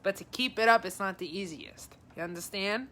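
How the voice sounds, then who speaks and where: A woman psychic talks through a live-streamed reading with a bright, clear tone. She is chatty and informal and keeps calling viewers by name as she relays messages. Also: mid-range voice, moderate pace. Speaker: psychic advisor.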